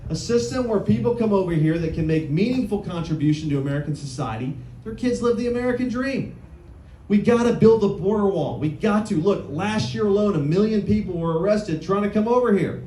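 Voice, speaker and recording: A man's voice: high-pitched, warm tone. A man running for office, giving a punchy campaign speech to a crowd in a meeting room, repeating lines and asking the audience questions. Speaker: political candidate. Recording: echoey room with faint noise.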